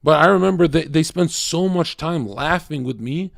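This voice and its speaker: A man's voice: fairly high pitch, moderate pace, creaky, dry recording, studio quality. A man livestreaming, telling a crude, profane confessional story with stammered restarts. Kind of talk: casual unscripted stream monologue.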